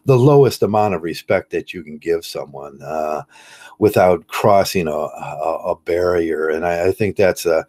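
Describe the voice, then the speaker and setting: A man talking casually to camera in a rambling, halting way, full of fillers and restarts. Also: low voice, a little mellow. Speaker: channel host.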